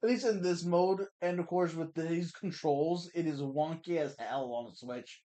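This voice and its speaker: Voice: medium pitch, normal speed, dark tone. A let's-play gamer chatting casually through a playthrough, wry and swearing now and then. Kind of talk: casual game commentary.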